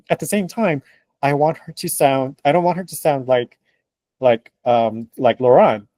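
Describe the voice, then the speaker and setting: A man who translates books, chatting as a guest in an interview, animated and laughing often with lots of fillers. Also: mid-range voice, a little slow, no echo. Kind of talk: casual interview conversation.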